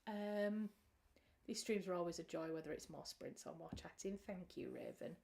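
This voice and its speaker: A woman's voice: lowish voice, normal speed, creaky, a little mellow. British woman, writer, livestream host, casual chat, chatty, rambling. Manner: chatty and rambling, with frequent restarts and fillers.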